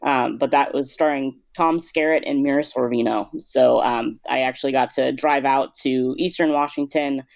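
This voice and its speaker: A man's voice: medium pitch, normal speed, creaky, hardly any pauses, no echo, dull audio. A man, a makeup artist and vet tech, telling a story at an easy pace in a casual interview, with many "um"s. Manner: relaxed storytelling with "um"s.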